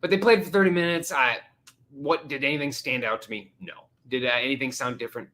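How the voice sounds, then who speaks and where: A man's voice: mid-range voice, fairly quick. A man hosting a casual live stream, joking around and slipping into silly voices. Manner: jokey, animated, slips into silly voices. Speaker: livestream host.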